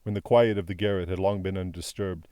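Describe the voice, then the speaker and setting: Man, audiobook reader, measured, solemn, mellow tone, dry recording. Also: deep voice, steady tone, no echo. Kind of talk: classic novel narration.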